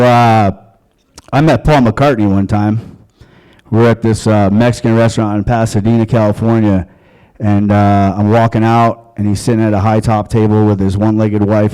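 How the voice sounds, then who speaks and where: A man performing a stand-up comedy set on a club stage into a handheld mic, with a crude, deadpan, conversational delivery. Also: on the low side, clear, resonant tone, poor audio.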